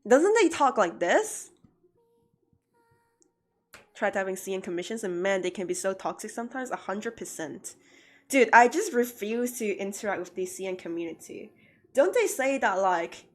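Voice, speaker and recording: A woman's voice: mid-range voice, expressive, a little fast. A young woman, chatting casually with viewers on her art livestream and laughing often. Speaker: art streamer.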